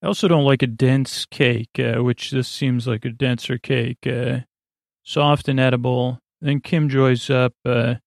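A man hosting a sleep podcast who recaps at a slow, rambling pace, halting with many fillers and self-corrections. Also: medium pitch, flat delivery, creaky, no echo, studio quality. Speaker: podcast host.

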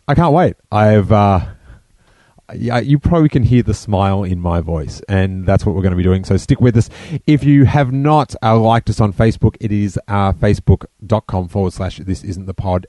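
A man's voice: fairly low pitch, a little mellow, dry recording. A man hosting a podcast, chatting casually and laughing often, then signing off with promotions. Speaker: podcast host. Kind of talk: casual chat and show sign-off.

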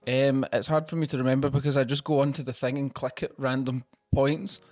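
A man's voice: medium pitch, level tone, brisk, darkish tone, dry recording. A man in a casual podcast chat who laughs often and keeps the talk playful.

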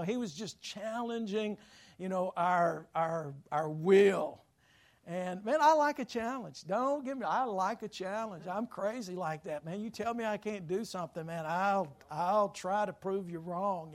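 Male pastor, high-pitched, folksy rambling sermon storyteller. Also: measured pace. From Louisiana. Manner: folksy, rambling storytelling with self-deprecating humor. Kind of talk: sermon told as a personal story.

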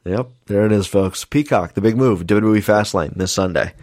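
A man with a somewhat low voice hosts a casual wrestling podcast. He runs through match predictions like an announcer and speaks straight to his listeners. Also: moderate pace, darkish tone. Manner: announcer-like, addressing listeners as folks. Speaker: podcast host.

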